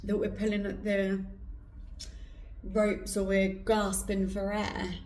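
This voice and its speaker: A woman giving an intuitive card reading in a slow, soft, reflective way with pauses, her throat going hoarse, recorded indoors. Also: medium pitch, monotone. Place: indoor room with incense burning. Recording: roomy, distant mic.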